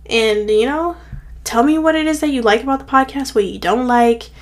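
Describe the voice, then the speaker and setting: Young woman podcaster, fairly high voice, casual rambling pep talk, tired and slightly breathless. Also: normal speed. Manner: chatty, rambling, heavy filler "like". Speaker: podcast host.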